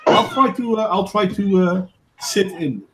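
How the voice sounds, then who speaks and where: High, lively man hosting a call. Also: a little slow. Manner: wraps up by asking each guest for last words. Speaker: host. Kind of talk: casual group chat. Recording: noisy online call audio.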